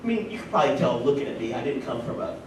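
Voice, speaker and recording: A man from rural North Carolina, giving a personal storytelling speech at a conference and making animated asides to the audience. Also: rapid-fire. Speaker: conference speaker. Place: conference hall. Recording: echoey hall from far off, faint rumble.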